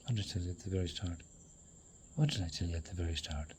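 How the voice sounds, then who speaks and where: A man in a profane, rambling monologue that swings between loud outbursts and low muttering. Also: fast talker, a little hiss or hum. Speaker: traveling performer.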